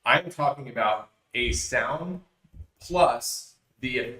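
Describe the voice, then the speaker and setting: A man's voice: medium pitch, extremely slow, bright, forceful tone. Guy debating on a podcast, keeps cutting in, roomy echo. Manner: argumentative, interrupts, hesitant restarts. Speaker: podcast co-host. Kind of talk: casual debate.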